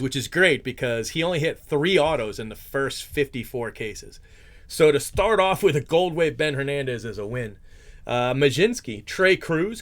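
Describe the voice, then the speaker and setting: Rambling card-break host, fairly high voice. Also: male voice, fairly bright tone. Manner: rambling, joking, trips over words; reads off player names in quick lists. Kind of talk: casual live-stream chat.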